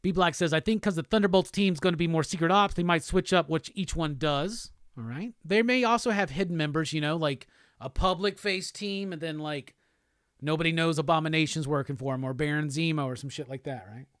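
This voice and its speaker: A man's voice: fairly high pitch, a little fast, a bit bright, no echo, clean studio sound. A man hosting a live show, chatting loosely and profanely while reading viewer comments aloud. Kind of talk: casual livestream chat.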